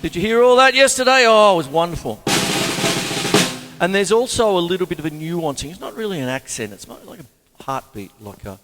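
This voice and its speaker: A man's voice: high-pitched, very animated, a little fast, loud music behind the voice. A man hosting a casual drum lesson, who talks in a rambling, chatty, self-deprecating way. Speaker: drum teacher and show host. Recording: long hall reverb, faint drums.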